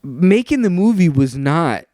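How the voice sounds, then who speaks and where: A young man giving ranting, sarcastic commentary, animated and full of swearing. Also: a little high, a little slow, no room sound, clean studio sound. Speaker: YouTuber.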